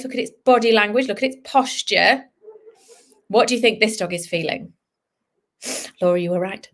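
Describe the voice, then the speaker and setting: A woman vet giving an online lesson to children, lively and encouraging, sometimes voicing what a dog is thinking. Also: a little high. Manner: lively, speaks to children, voices the dog's thoughts. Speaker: veterinarian teaching children.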